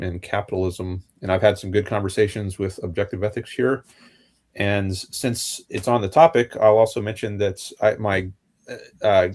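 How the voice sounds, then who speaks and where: Lower-voiced earnest man. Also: a little mellow. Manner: measured, earnest, clears his throat. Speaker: YouTuber and panel guest. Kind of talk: self-introduction on a panel.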